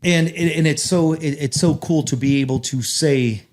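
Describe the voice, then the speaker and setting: A man's voice: fairly high pitch, normal speed, darkish tone. A man hosting a casual roundtable conversation, speaking earnestly and often repeating words as he builds up to a point.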